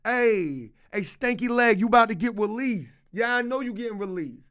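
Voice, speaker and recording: A man's voice: high-pitched, animated, moderate pace, a bit bright, clean tone, voice pushed up. A man putting on the voice of a brash, teasing woman talking on a call to a man in jail.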